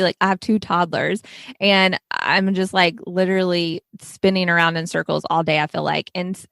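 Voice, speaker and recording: A young woman hosts a podcast in a casual, earnest chat about faith, filling her sentences with easy little fillers. Her voice sits at a middle pitch and sounds close and dry, with no room around it. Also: fairly bright tone, no room sound. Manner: chatty, many "like" fillers, earnest. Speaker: podcast host.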